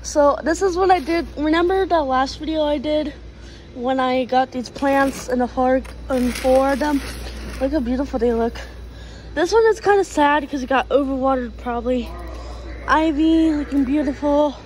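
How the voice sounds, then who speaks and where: Female vlogger, high pitch, chatty and gushing, filming on a phone in a store with faint background noise. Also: moderate pace, darkish tone, low-quality recording. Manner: chatty, gushing, many fillers and restarts. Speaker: plant vlogger. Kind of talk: casual vlog walkthrough. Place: indoor garden store.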